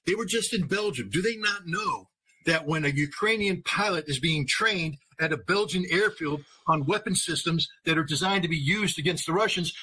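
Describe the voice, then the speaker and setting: An American man giving emphatic, forceful commentary as a guest analyst in an interview. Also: high voice, a little hiss or hum, low-quality recording. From United States.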